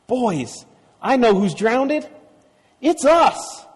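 A man's voice: extremely high pitch, big pitch swings, extremely slow, slightly rough, voice pushed up, exaggerated voice. A man reading aloud and voicing an eager, bold runaway boy in a storybook reading. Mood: excited. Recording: long reverb of a large hall.

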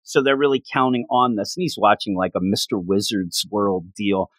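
A man in casual chat, excitedly recapping a comic book issue in a rambling way. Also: fairly low pitch, normal speed, no echo. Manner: enthusiastic, rambling recap with frequent laughs.

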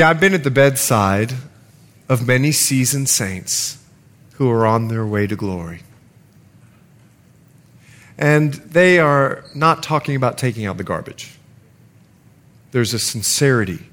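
A middle-aged man pastor preaching a sermon, telling stories earnestly and dropping to a hush on solemn points. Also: medium pitch, lively intonation, slow pace, long pauses.

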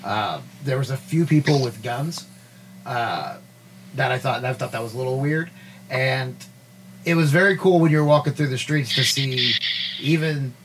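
A man co-hosting a podcast, telling a rambling, animated story with lots of fillers in a casual chat. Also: mid-range voice, moderate pace, noisy background. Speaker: podcast co-host.

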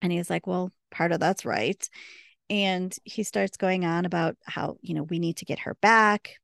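A woman's voice: lowish voice, fairly even intonation, normal speed, gravelly, a bit bright, dry recording, studio quality. A woman co-hosting a podcast, chatting casually and recounting scenes with quoted dialogue. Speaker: podcast co-host. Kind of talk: casual recap chat.

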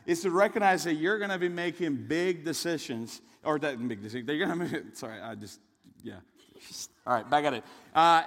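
A young man giving a sermon in a relaxed, storytelling way, often restarting his sentences and adding asides. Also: on the high side, in a large hall. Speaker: preacher.

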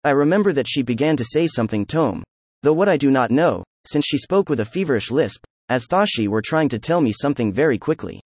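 A man narrating a novel chapter as an audiobook, in a steady, even-paced read. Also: medium pitch, brisk, slightly rough, no room sound. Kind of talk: scripted narration.

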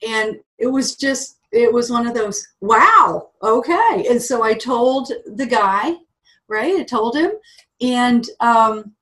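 A woman's voice: fairly high pitch, takes it slowly. A woman guest who talks with animals, telling a story in a chatty way with frequent "um" fillers. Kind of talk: anecdotal storytelling in an interview.

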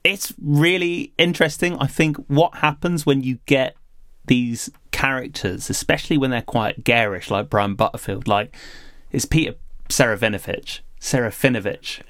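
Man, mid-pitched voice, dry close recording, thoughtful casual podcast talk. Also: moderate pace, no echo. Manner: thoughtful, animated with laughs. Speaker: podcast co-host. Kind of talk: casual podcast review chat.

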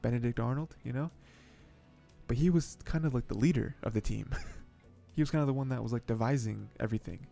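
A man hosts an anime podcast, recapping and commenting on episodes in a rambling, chatty style full of chuckles and fillers. His mid-range voice is brisk, gravelly, and dark-toned, with soft music in the background.

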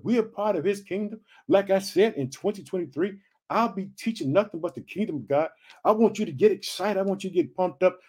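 A man preaching a sermon in a casual, emphatic way. He reads scripture slowly and loudly, and he repeats catchphrases between the readings. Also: high-pitched, breathy edge. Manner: exclaiming and emphatic, reads scripture in a slow raised voice.

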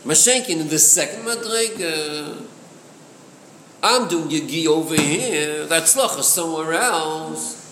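A man's voice: fairly high pitch, lively intonation, measured pace, a bit bright. A man teaching a chassidic text, explaining with rhetorical questions and Hebrew terms mixed into his English. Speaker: Torah teacher. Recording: echoey room with long reverb, faint noise.

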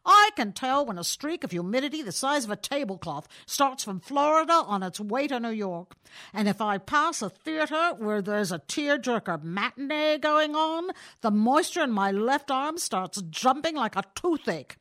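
Lady doing a cranky achy old-fashioned guy, whiny and fussy, pitch all over. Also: lively intonation, moderate pace, fairly bright tone. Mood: grumbling. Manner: complaining, fussy. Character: grumbling man with rheumatism, touchy.

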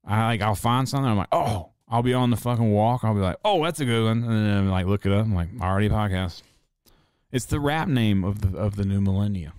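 A man's voice: lowish voice, fast, a little mellow, clear, resonant tone, dry recording, studio quality. A young man hosting a podcast, talking in a loose, rambling, profane way with frequent laughter. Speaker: podcast host. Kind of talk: casual chat.

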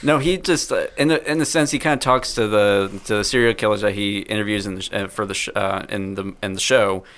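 A man's voice: fairly low pitch, steady tone, fast talker, fairly bright tone, slight background noise. Rambling, laugh-prone young man. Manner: rambling, hedging with fillers, laughs easily. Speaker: podcast co-host. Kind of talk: casual chat.

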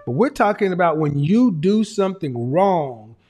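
A man's voice: sits high, lively intonation, moderate pace, warm tone, slightly rough, soft background music. A man giving casual livestream commentary in a blunt, emphatic, profane lecturing manner. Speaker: streamer and commentator.

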